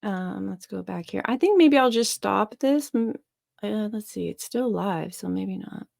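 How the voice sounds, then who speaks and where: A woman hosting a casual chat stream, blunt and teasing, thinking out loud. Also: medium pitch, lively intonation, measured pace, vocal fry, no room sound, studio quality. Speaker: stream host.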